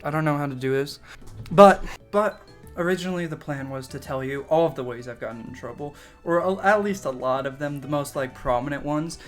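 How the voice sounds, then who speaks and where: A man's voice: on the high side, brisk, soft background music. A young man telling a story from his school days in a casual, rambling way, swearing freely, mocking himself and laughing often.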